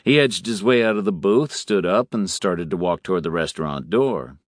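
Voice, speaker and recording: A man narrating a novel in a measured, expressive way. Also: deep voice, no room sound, clean studio sound. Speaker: audiobook narrator. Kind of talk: scripted narration.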